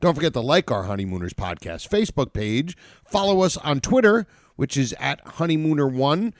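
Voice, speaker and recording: Brief: male co-host, animated, chatty, dry close studio sound. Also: a little high, normal speed, no room sound. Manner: lively, rambling plugs with fillers. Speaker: podcast co-host. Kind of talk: casual podcast chat.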